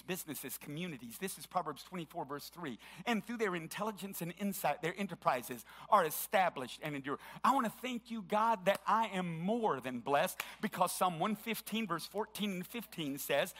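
A middle-aged man preaching with a high, bright, forceful voice. He declares scripture with fervent conviction and now and then slips into a chanted rhythm. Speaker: pastor. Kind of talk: sermon.

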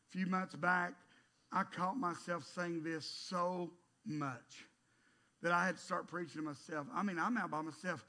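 A middle-aged male pastor preaching a sermon in an animated way, swinging from loud emphatic bursts to hushed asides. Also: high voice, measured pace.

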